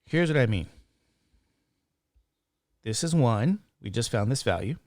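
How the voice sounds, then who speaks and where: Slow gravelly male math lecturer. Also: mid-range voice, expressive, darkish tone, no room sound, clean studio sound. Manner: counts digits aloud step by step. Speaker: statistics instructor. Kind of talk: classroom lecture.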